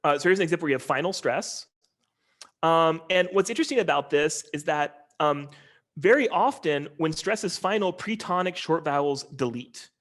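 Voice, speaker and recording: A man giving an informal linguistics lecture over a video call, talking in a relaxed, conversational way with many ums and uhs. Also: fairly high pitch, normal speed.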